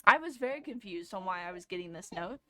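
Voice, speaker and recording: A woman's voice: mid-range voice, animated, fast, pushed and bright. A woman in her twenties, a streamer, telling a long casual story with lots of fillers and self-corrections. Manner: rambling, lots of fillers and restarts.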